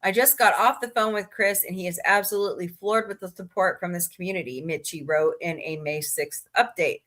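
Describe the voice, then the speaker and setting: A woman's voice: fairly low pitch, brisk, fairly bright tone. A woman hosting a casual livestream, chatting to viewers and reading good-news stories aloud with her own asides, yawning now and then. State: yawning, tired. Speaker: livestream host.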